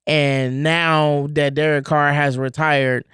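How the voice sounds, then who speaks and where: A man co-hosting a sports podcast, talking in an animated, emphatic way and repeating words for effect. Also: a little high, slow pace, clean tone, no room sound, studio quality. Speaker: podcast co-host. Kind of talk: casual sports chat.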